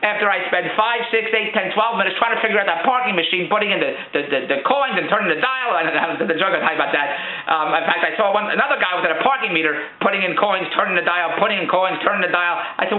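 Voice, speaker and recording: A middle-aged man grumbles through a joking, rambling complaint in a casual vlog. His voice sits high and his words tumble out quickly. It sounds tinny, like a phone line, in an echoey room. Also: lively intonation. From Philadelphia. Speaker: vlogger. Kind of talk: casual storytelling rant.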